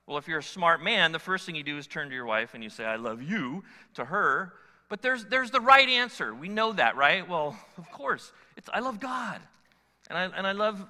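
A man's voice: on the high side, sharp tone. A middle-aged man preaching a sermon to his congregation, conversational and joking with people in the pews. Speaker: pastor. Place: church sanctuary with congregation. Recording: long hall reverb.

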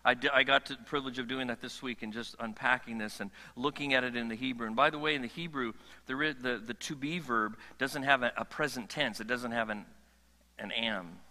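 A male pastor delivers a sermon in a large church hall, his voice very bright and forceful. He talks in an animated way, drops joking asides and restarts his phrases often. A long reverb from the hall trails behind his words. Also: medium pitch, a little fast.

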